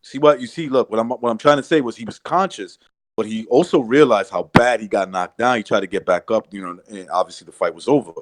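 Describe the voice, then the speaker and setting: A man's voice: fairly low pitch, fast, dry recording, rough recording. A man co-hosting a podcast in casual chat, rambling, restarting his sentences and acting out what others said. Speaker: podcast co-host.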